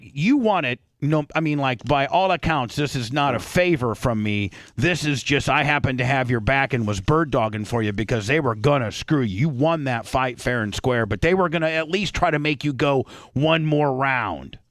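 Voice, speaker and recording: A man's voice: mid-range voice, moderate pace, a bit bright, no room sound. A man hosting a radio talk show, telling a rambling story and acting out quotes. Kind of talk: casual radio banter.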